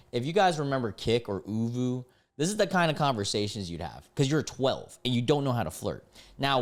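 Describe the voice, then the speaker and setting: A man, reading chat screenshots aloud and mocking them in casual reaction commentary, often breaking into loud disbelief. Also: mid-range voice. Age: 20s. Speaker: content creator reacting to screenshots.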